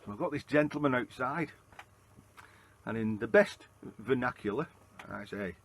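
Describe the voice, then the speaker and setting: A man's voice: mid-range voice, animated, moderate pace, long pauses. Chatty Lancashire man, rambling vlog. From Lancashire, England. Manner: chatty, rambling storyteller with frequent "uh"s. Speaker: travel vlogger. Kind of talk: casual walking vlog narration. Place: outdoors on a town street, then inside a pub.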